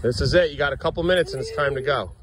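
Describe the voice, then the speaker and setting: Racing through his words in a voice on the high side, a dad holding his phone at the playground scolds his children sharply and grumbles irritated remarks to the camera for his vlog. The recording is very noisy.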